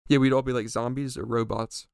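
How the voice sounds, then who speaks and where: A man's voice: medium pitch, steady tone, brisk, creaky, smooth, no room sound, studio quality. A teenage boy chatting on a podcast with friends, rambling with lots of fillers. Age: teens. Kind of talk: casual chat.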